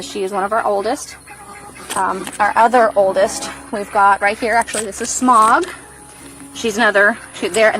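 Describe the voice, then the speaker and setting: A woman giving a casual farm tour, chatting about her animals outdoors. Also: rough recording. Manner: chatty, cooing at animals in a high baby voice. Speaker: farm vlogger.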